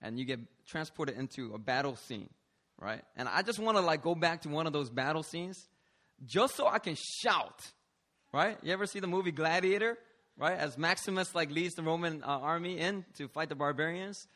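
A man preaching a lively, playful sermon, calling out to the congregation for responses. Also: a little high, normal speed. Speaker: pastor.

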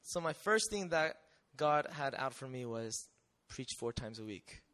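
A young man with a mid-range voice speaks a little slowly as he gives his missionary testimony to an audience. He keeps it conversational and lively, checking in often with rhetorical questions.

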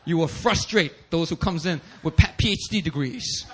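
A man voicing God as a calm, reassuring male divine voice, slow and amused. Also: fairly high pitch, slight background noise, natural voice.

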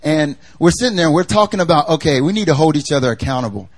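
A man's voice: on the high side, expressive, fast. A young man preaching a casual sermon, chatty and jokey, full of fillers as he tells stories.

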